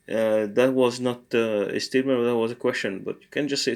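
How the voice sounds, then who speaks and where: A man's voice: mid-range voice, fairly even intonation, a little fast, creaky. A man teaching an informal Spanish lesson. He thinks aloud with many fillers and good-humouredly corrects his own slips.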